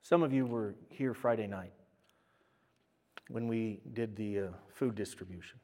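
A man preaching a sermon as pastor, telling stories with lively, self-mocking humor. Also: lowish voice, unhurried. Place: church service.

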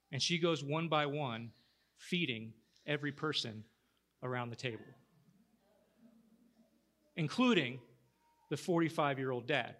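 A man's voice: fairly high pitch, expressive, measured pace, long pauses, a bit bright. A male pastor preaching, telling a story in a conversational way with many restarts. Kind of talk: sermon.

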